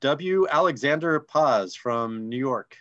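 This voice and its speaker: A man's voice: medium pitch, takes it slowly. Easygoing guy co-hosting, jokey, muffled lo-fi sound. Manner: relaxed, friendly, joking. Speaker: co-host. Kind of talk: casual call recognition.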